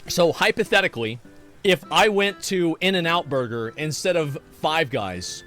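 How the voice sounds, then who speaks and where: A man's voice: a little high, expressive, measured pace, sharp tone, faint music behind. A man in his thirties streaming from home, chatting casually and reacting to chat in a brash, profane, rambling way.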